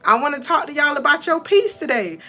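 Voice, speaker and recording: A woman's voice: high-pitched, sing-song, a little fast, pushed and bright. A woman in her thirties from North Georgia with a Georgia Southern accent, giving a motivational live-stream talk from her room. She greets viewers with sweet endearments and laughs often. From North Georgia, USA. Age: 30s. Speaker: motivational coach.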